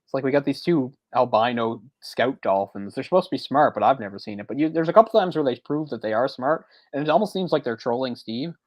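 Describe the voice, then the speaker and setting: A man's voice: medium pitch, fast, hardly any pauses, darkish tone, dry recording. A man chatting casually on a movie discussion podcast, retelling scenes in a rambling way with frequent restarts and chuckles. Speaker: podcast co-host.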